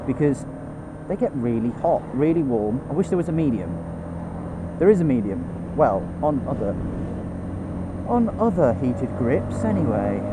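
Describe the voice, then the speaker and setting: A man riding a motorcycle and chatting to the viewer in a rambling commentary, correcting himself as he goes, through a helmet mic. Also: mid-range voice. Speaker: motorcycle vlogger. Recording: loud wind and road noise.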